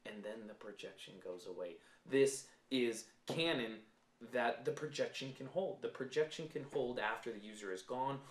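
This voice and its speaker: A man co-hosting a casual fan podcast, laying out his points step by step in an animated, argumentative way. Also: mid-range voice, normal speed, echoey room. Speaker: podcast co-host.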